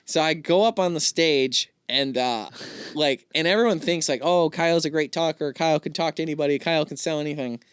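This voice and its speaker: A man hosting a podcast, telling a story in casual chat, animated and laughing often. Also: a little high, a little fast, clear, resonant tone, dry recording, clean studio sound. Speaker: podcast host.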